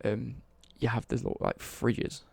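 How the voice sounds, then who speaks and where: Gravelly English guy telling a story. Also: medium pitch, steady tone, unhurried, a little mellow, no room sound. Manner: swears freely, rambling with self-corrections. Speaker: livestreamer. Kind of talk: casual storytelling on a livestream.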